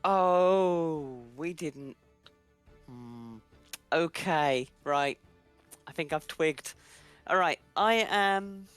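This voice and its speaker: A player in a tabletop game, talking slowly and musingly and laughing often. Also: medium pitch, fairly bright tone, clean tone, faint music behind. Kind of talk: casual tabletop play.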